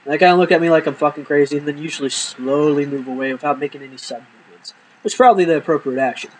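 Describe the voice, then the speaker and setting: A man's voice: fairly high pitch, rapid-fire, darkish tone, slight background noise, poor audio. A man telling rambling, profane comic stories from his life and acting out the dialogue. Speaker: comedy storyteller. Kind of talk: casual comedic storytelling.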